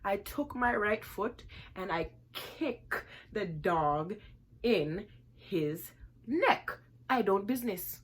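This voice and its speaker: A woman vlogger telling a personal story in an animated storytime style, emphatic and repeating lines for effect. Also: medium pitch, slow, husky.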